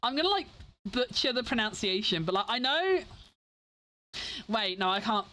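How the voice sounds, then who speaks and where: A woman's voice: fairly high pitch, big pitch swings, normal speed, pushed and bright. A young woman with an English accent, chatting casually with her stream viewers in a rambling way, full of fillers and restarts. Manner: rambling, filler-heavy, self-interrupting.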